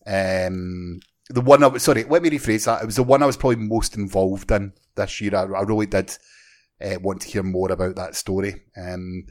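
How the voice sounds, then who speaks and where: A man's voice: lowish voice, steady tone, brisk, darkish tone. A man with a Scottish accent hosting a casual podcast, reading out awards in a wry, mock-formal way. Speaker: podcast host.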